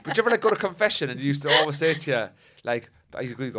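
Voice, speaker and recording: A man's voice: fairly high pitch, big pitch swings, racing, bright, forceful tone. A man telling rambling, sweary anecdotes in a casual podcast chat. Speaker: comedian guest.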